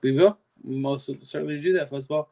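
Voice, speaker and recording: A man's voice: on the high side, moderate pace, dark tone. A man from California with a Californian accent, chatting casually on his own livestream and rambling through long stories with many repeats. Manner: rambling, repeats himself and trails off. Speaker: livestream host. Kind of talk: casual live-stream chat.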